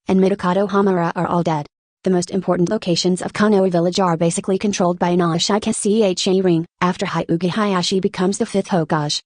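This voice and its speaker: A woman's synthetic voice reading an audiobook in a flat, even manner, recorded dry and close. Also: fairly low pitch, dry recording. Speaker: narrator. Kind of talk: machine-read audiobook narration.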